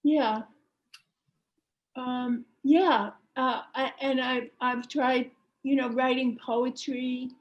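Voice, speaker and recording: A woman speaks slowly and haltingly, circling back on herself with frequent fillers as she shares in a workshop. Her voice sits a little high. The audio is dull and lo-fi, like a video call. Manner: hesitant, many fillers and restarts. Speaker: workshop participant. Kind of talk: halting personal sharing.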